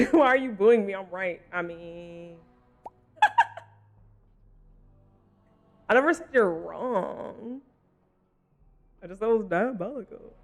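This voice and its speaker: A woman's voice: medium pitch, expressive, takes it slowly, long pauses. Playful laughing woman streamer. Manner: playful, joking, laughs often. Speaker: game streamer. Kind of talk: live-stream gaming commentary.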